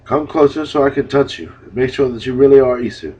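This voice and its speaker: A man reading the part of an aged father blessing his sons, slow and solemn, in a dull lo-fi recording. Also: medium pitch, darkish tone, husky, lightly acted. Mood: questioning.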